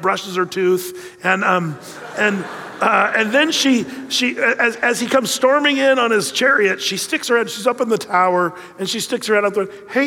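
A man's voice: high voice, bright, forceful tone, long reverb tail. A middle-aged man preaching a sermon, telling a story in a conversational way and adding joking asides. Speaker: pastor.

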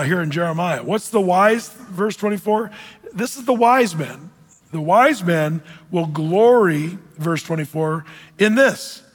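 A man preaching a casual sermon to a men's group, reading scripture aloud in old-fashioned wording. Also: high voice. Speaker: pastor. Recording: long hall reverb.

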